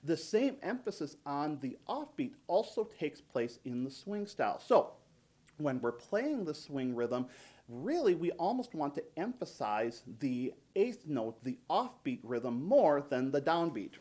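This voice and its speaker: A man's voice: a little high, sing-song, unhurried, a little mellow. A man teaching a jazz practice tip, explaining rhythm and scatting and counting beats aloud. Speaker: trombone teacher. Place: music shop.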